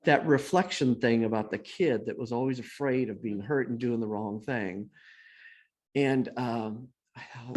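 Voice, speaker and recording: Telling a personal tale as a guest speaker, a middle-aged man keeps a measured pace in his mid-range voice. He's animated and self-deprecating, and he acts out the voices of the people he quotes.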